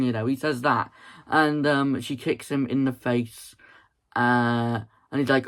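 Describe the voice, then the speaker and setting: A man's voice: fairly high pitch, animated, normal speed, a bit bright. A man casually recapping a film plot in a rambling, chatty way, full of fillers and laughs. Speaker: movie reviewer.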